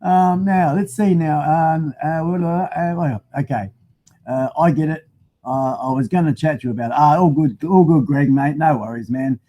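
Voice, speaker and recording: High-voiced Australian man hosting a live stream. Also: moderate pace, muffled recording. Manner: matey and chatty, greeting viewers by name. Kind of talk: casual live-stream chat. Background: faint music.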